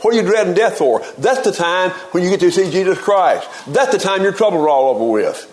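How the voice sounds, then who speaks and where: A man's voice: sits high, lively intonation, brisk, hardly any pauses, poor audio. A man preaching a sermon in a folksy, emphatic way, often repeating words as he gets going.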